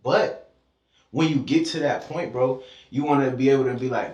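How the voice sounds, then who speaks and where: A man's voice: mid-range voice, normal speed, darkish tone, muffled recording. A man from Georgia, a podcast guest, talking in a fervent, preachy way and swearing freely in a casual heart-to-heart conversation. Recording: echoey room, distant mic.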